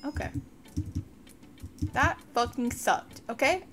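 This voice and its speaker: Bright-voiced young woman ranting over gameplay. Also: fairly high pitch, sing-song, slow pace, a little hiss or hum. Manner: frustrated, swearing, shouting bursts. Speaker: gaming YouTuber. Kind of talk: casual gameplay commentary. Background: faint background music.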